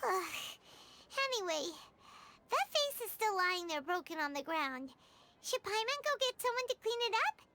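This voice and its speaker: A tiny floating fairy girl from a video game chatters away in a very high, squeaky voice. She is bubbly and excitable, bouncing all over her range with a bright, sharp tone, and talks about herself in the third person. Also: normal speed, heavily acted. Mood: uneasy.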